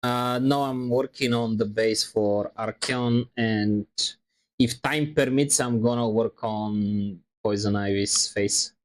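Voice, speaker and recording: Slow, halting streamer man. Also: on the low side, fairly even intonation. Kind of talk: casual chat on a live stream.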